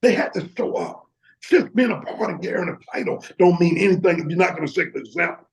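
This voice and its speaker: A man's voice: high-pitched, animated, quick pace, creaky, low-quality recording. A man preaching fervently to his academy's members over a video call, with frequent exclamations. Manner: fervent, exclaims and laughs often. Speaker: academy leader addressing members. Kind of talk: motivational preaching.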